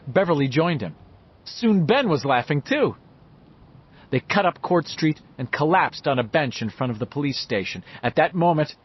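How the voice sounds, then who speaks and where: A man narrating an audiobook with expressive storytelling. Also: medium pitch, breathy edge. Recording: slightly muffled, dull audio.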